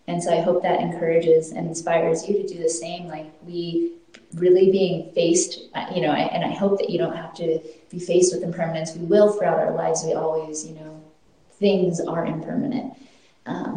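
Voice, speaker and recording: A woman's voice: on the low side, mellow. Earnest woman in a very echoey room. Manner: earnest and reflective, with frequent restarts. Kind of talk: personal storytelling.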